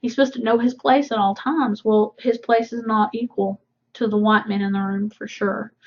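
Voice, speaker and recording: A woman reads a novel aloud for her class and stops now and then to explain it in casual asides. Her voice sits fairly high. The recording is dull and lo-fi. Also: level tone, normal speed, a little mellow. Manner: casual asides between readings. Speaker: teacher. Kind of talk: reading a novel aloud with commentary.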